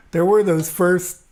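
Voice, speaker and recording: Easygoing chatty man, slow talker. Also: high voice, darkish tone. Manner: chatty, laughs often, easygoing. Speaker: musician hosting a livestream. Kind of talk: casual livestream chat with viewers. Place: at home in an easy chair.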